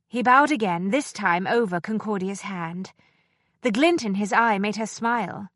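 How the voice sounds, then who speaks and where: A woman reads an audiobook aloud with a measured, expressive storytelling style. Her voice sits in the mid range, and the studio-quality recording has no echo.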